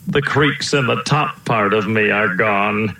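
A man voicing a gentle, kindly old male elephant who tells slow stories, in a roomy-sounding recording. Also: fairly low pitch, gravelly, exaggerated voice. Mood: weary. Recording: roomy echo.

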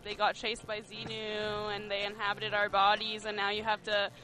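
A woman's voice: mid-range voice, monotone, moderate pace, sharp tone, faint music behind, rough recording. A woman in casual chat, joking and rambling playfully with lots of fillers. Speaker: interviewee.

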